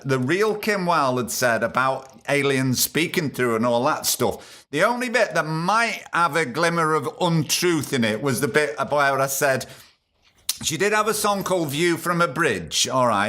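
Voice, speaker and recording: A man's voice: fairly high pitch, sharp tone. A man hosting a podcast, giving irreverent, sarcastic, rambling comic commentary on news stories. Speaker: podcast host.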